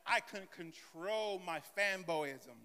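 Male pastor, high voice, dramatic call-and-response preaching, long hall reverb. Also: slow, a little hiss or hum. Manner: dramatic preaching with swings between soft asides and loud cries. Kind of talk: sermon.

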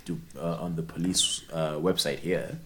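A young man, chatting casually and telling animated stories with frequent laughs and restarts. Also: very deep voice, moderate pace, a little hiss or hum. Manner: animated storyteller, laughs often, many restarts. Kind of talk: casual chat.

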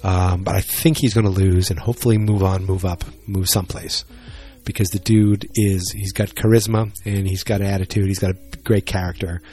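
A man's voice: sits low, level tone, normal speed, hardly any pauses, dark tone, slightly rough. A man chatting casually and rambling on his own about upcoming wrestling matches, joking and poking fun at himself. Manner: rambling, joking, self-deprecating. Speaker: solo wrestling vlogger.

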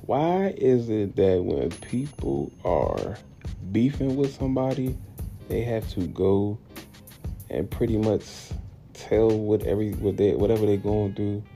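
A young man, hosting a podcast and ranting bluntly and profanely, often jumping into high incredulous tones. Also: gravelly, warm tone. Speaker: podcast host. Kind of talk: casual podcast rant.

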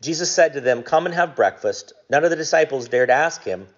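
A man preaching a conversational sermon, relaxed and jokey, with frequent ums. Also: a little high, fairly quick. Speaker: pastor. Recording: dull lo-fi recording.

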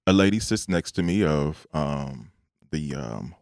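A man's voice: rumbling low, a little slow, gravelly, no room sound, clean studio sound. A man co-hosting a casual chat, telling a story with lots of acted-out quoted dialogue. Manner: animated storyteller who acts out quoted dialogue.

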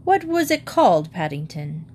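A woman's voice: lowish voice, very animated, moderate pace, a little mellow, breathy edge. A woman reading aloud and voicing a fussy middle-aged father who talks in bluff exclamations. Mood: hearty.

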